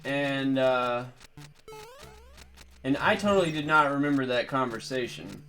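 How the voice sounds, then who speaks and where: A man's voice: medium pitch, measured pace, fairly bright tone, faint music behind. A man streaming a game and rambling through a long story in casual commentary, trailing off and restarting often. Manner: rambling, digressive, with fillers and trailing off.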